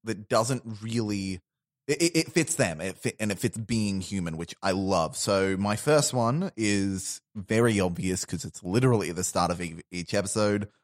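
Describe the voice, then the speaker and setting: A man's voice: on the low side, moderate pace. A man in casual chat on a podcast, retelling favorite film lines, often laughing and putting on voices for the quotes. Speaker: podcast co-host.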